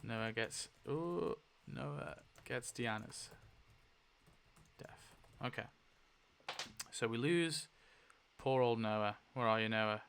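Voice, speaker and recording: A man's voice: mid-range voice, slow pace, vocal fry, pauses often, fairly bright tone, slight background noise. A man hosting a casual video, thinking aloud as he goes, swearing freely and laughing often. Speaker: YouTube host. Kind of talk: casual commentary while spinning a wheel.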